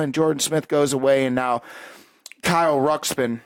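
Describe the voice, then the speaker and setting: Profane, animated man telling a story. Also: fairly high pitch, brisk, no echo. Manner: profane, animated storyteller who acts out voices. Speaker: podcast host. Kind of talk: casual storytelling chat.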